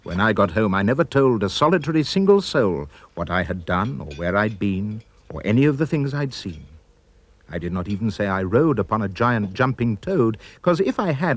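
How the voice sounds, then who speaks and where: Man reading a rhyming story, playful, husky voice that swoops up and down. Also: on the low side, moderate pace, soft background music. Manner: playful, expressive. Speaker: narrator.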